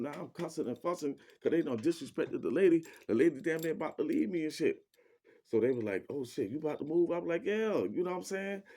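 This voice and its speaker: A man's voice: a little high, animated, quick pace, warm tone. A young man telling a story in a casual, rambling way, full of slang and fillers, quoting people as he goes.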